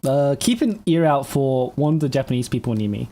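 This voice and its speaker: A man's voice: mid-range voice, expressive, brisk. A man, the host, commenting casually on event footage, chuckling often and rambling with restarts. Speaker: channel host. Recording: loud event crowd and noise behind.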